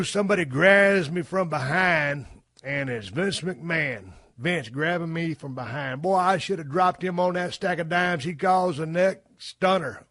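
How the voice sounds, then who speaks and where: A middle-aged man hosting a podcast, telling stories in a profane, folksy way that swings from low mumbles to loud bursts. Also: unhurried, no room sound. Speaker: podcast host. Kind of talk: casual storytelling monologue.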